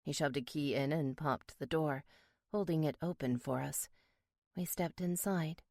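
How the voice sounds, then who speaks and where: A woman narrating a first-person romance audiobook in a steady, measured way. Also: sits low, no room sound, studio quality.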